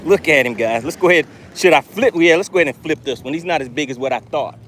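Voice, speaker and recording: A man hosting a live fishing stream from a boat, excitedly talking to his viewers and reading their chat aloud. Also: fairly high pitch, fast talker, slight background noise. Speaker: fishing channel host. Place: on a boat on open water. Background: jet skis and outdoor ambience.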